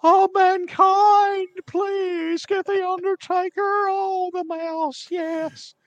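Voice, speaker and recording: A man doing a comic impression of a creepy old male wrestling manager, wailing in a high, drawn-out voice. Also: level tone, no room sound, highs cut off, exaggerated voice. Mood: wailing, theatrical. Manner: slow, dramatic crying-out delivery.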